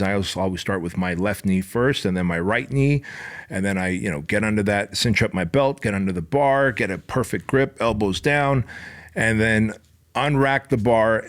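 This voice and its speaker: A middle-aged man hosting his own show, giving an intense, profane motivational monologue that builds to loud peaks. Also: lowish voice. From Armenia. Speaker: podcast host.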